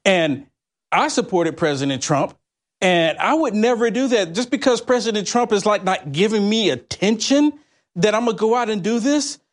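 High-voiced animated male talk host. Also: normal speed. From California. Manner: animated, stumbles over words. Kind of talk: political talk show discussion.

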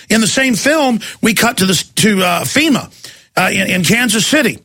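A man hosting a radio show, talking in a heated, mocking way and acting out quotes in shrill voices. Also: lively intonation, a little fast, bright, forceful tone. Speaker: radio host. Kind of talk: heated talk radio monologue.

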